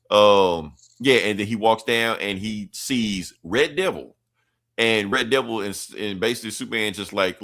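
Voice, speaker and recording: A man's voice: fairly low pitch, moderate pace, fairly bright tone. A young adult man hosting a podcast, recapping a comic in a rambling, slangy, profane and offhand way. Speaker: podcast host.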